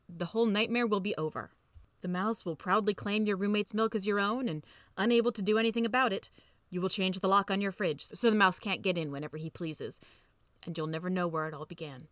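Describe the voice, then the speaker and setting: A woman reading a storybook aloud as host, playful and expressive. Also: medium pitch, brisk, no echo. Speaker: reader and narrator. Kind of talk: scripted storybook narration.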